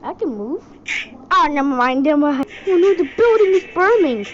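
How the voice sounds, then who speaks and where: A woman from India giving excitable let's-play commentary, yelping and exclaiming as she plays. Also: high-pitched, normal speed. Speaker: gaming channel host. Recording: dull lo-fi audio with game music. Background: game music.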